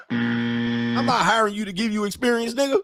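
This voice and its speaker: A middle-aged man rants as the host of his own online show, crude and full of swagger. His voice sits high for a man and sounds dry, with no room around it. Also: very animated, measured pace, a bit bright, no room sound. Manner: brash, profane and boastful, laughs at his own jokes. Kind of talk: ranting commentary.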